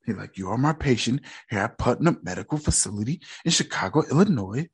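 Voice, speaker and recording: A man's voice: medium pitch, expressive, a little fast, husky. A man casually recapping a TV episode in slangy, joking talk, mockingly quoting the characters. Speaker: show recap host.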